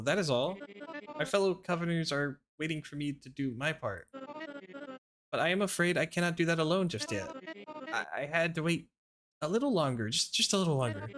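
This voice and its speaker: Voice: mid-range voice, animated, brisk, a bit bright, lightly acted. A role-player voicing a witch teacher who begs for help with her coven's ritual, pleading one moment and coldly insistent the next. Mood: persuasive. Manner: begging, flustered, then coldly insistent. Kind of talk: tabletop role-play.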